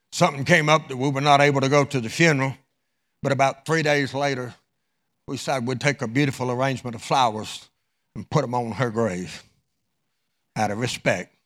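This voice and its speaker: A man preaching a sermon through a dramatic story, with his voice rising loud and dropping low. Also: fairly quick. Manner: dramatic, wide swings in loudness.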